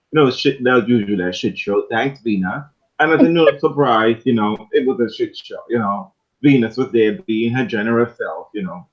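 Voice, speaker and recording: A man's voice: on the low side, highs cut off. A man co-hosting a casual podcast, telling a story with lots of swearing and acting out the quoted lines. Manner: animated storytelling, profane, acts out quoted dialogue. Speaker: podcast co-host. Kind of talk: casual chat.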